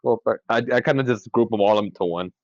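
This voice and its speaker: A young man co-hosting a podcast in casual chat, excitable and quick to swear and laugh. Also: on the low side, no room sound. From California. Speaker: podcast co-host. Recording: dry, dull lo-fi sound.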